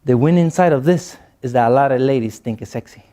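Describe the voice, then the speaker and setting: A man's voice: medium pitch, fast talker, mellow, slight background noise. A young man giving a motivational talk to youth. He speaks with a non-native accent, repeats phrases for emphasis and jokes with the audience.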